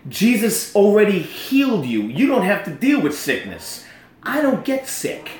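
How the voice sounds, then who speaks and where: A bold, blunt man tells his story with real emphasis, acting out every quote as he goes. His pitch swings widely up and down, and the room around him has a noticeable echo. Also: huge pitch swings, unhurried, darkish tone. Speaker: podcast guest telling a testimony. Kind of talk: animated casual storytelling.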